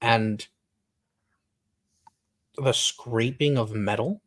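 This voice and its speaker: A man narrating a tabletop game as game master, telling the scene in a steady storytelling way with dramatic pauses. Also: mid-range voice.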